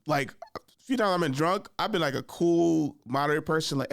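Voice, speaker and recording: A man's voice: on the high side, moderate pace, creaky, no room sound, clean studio sound. A man hosting a podcast, telling a story casually in a loose, rambling way with many fillers. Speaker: podcast host.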